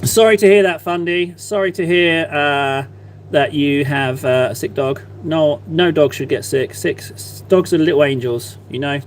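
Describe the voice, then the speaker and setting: Male streamer, thirties, higher-leaning voice, loose self-mocking chatter, faint hum on the track. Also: a little slow. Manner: rambling, chatty, self-deprecating. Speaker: live-stream painter. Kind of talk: casual live-stream chat.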